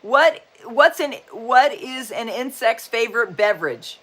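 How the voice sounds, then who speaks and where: A woman in her sixties hosts a casual livestream chat, upbeat and folksy, telling corny jokes and often tacking on "just saying." Her voice sits on the high side, expressive and fairly bright, and she talks a little slowly.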